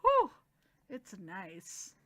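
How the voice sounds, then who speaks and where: A woman voicing an aloof, detached male water dragon god from a manga, speaking softly and low, sometimes in a whisper. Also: wildly swooping pitch, extremely slow, full character voice. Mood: amused.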